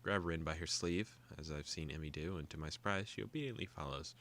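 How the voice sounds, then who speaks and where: A young man hosting a gaming video, calmly reading a visual novel aloud with joking asides. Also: a bass voice, fairly quick.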